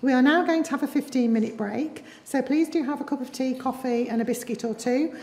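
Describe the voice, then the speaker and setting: A woman chairing a trust meeting, making brisk, friendly announcements to the room. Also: high voice, a little mellow. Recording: hall reverb.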